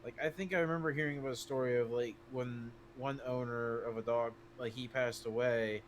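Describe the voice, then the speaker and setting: A man chats on a stream in a relaxed, easygoing way, leaning on fillers as he talks. His voice sits at a middle pitch, with faint noise in the background. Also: a little fast. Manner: laid-back, filler-heavy. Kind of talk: casual chat.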